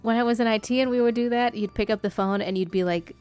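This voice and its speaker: A woman's voice: fairly high pitch, steady tone, fast, darkish tone, smooth, faint music behind. A woman streamer chatting casually while she draws, swearing freely and now and then putting on a polite customer-service voice.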